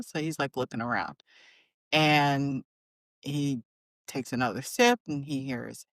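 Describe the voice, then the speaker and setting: A woman's voice: low voice, a little slow, no room sound. A woman hosting a podcast, chatting casually and laughing often. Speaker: podcast host.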